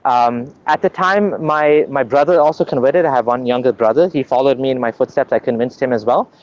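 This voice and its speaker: A man's voice: medium pitch, brisk, darkish tone, dull audio. A man being interviewed as a guest, explaining at length in an earnest, conversational way, often restarting his sentences.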